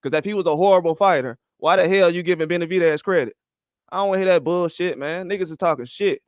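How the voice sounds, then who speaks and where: A man's voice: high-pitched, fast, no echo, studio quality. A man ranting about boxing with heated, profane speech and repeated rhetorical questions. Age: older. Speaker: boxing commentary host. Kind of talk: heated opinion rant.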